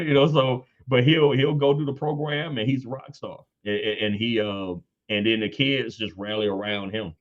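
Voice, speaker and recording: A man in his thirties, a guest on a church panel, telling casual stories about fatherhood with frequent laughter and high-pitched acted-out quotes. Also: normal speed, highs cut off. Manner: animated, laughs often, acts out quotes in high voice. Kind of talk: casual storytelling.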